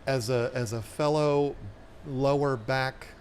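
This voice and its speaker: A man's voice: mid-range voice, steady tone, slow, a little mellow, a little hiss or hum. A middle-aged man co-hosting a casual live stream with his wife, joking and rambling. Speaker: co-host.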